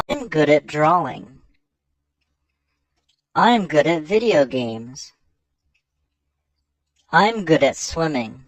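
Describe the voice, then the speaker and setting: Lesson narrator: slow, tuneful delivery, measured reading, dry close voice-over. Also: mid-range voice, dry recording. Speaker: English teacher.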